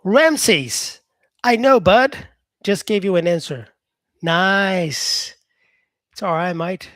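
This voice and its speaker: A man's voice: high voice, fairly bright tone, no echo. A male English teacher with an Australian-influenced accent, chatting with viewers on a live-stream lesson and filling his talk with "yeah", "um" and "mate". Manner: chatty, unhurried, lots of "yeah" and "um" fillers, calls people "mate".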